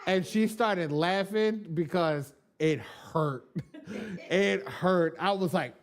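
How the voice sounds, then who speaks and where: Animated man hosting a live class. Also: high voice, slow. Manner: loose, joking storyteller with slang. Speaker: credit dispute trainer. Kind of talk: live online class, casual chat. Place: home.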